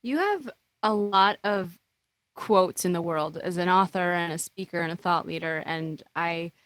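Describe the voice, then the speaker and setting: A woman's voice: on the low side, measured pace, fairly bright tone, dry recording. A woman hosting a podcast interview, asking effusive, admiring questions. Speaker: podcast host.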